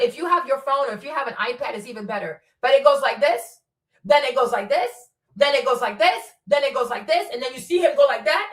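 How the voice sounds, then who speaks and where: A woman's voice: sits high, a bit bright, echoey room, recorded from a distance. A woman streamer commenting on footage in a casual, insistent way, repeating herself as she points out details step by step.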